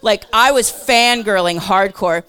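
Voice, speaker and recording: Brief: woman speaker, church testimony, chatty and animated, jumps from loud to whispered, mid-range voice. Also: medium pitch, a little slow, clear, resonant tone. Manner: chatty, lots of "like" and asides. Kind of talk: storytelling testimony to a crowd.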